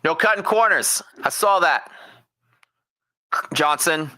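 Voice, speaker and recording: A man's voice: a little high, lively intonation, takes it slowly, bright, forceful tone, no echo, pitched above the performer's own voice, exaggerated voice. A man voicing a bossy male gym coach who barks clipped orders as if through a megaphone. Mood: barking.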